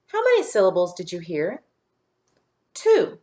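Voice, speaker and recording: A woman teaching a phonics lesson to young children in a patient, clear teacher voice, sounding out letters one by one. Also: mid-range voice, sing-song, unhurried, background noise.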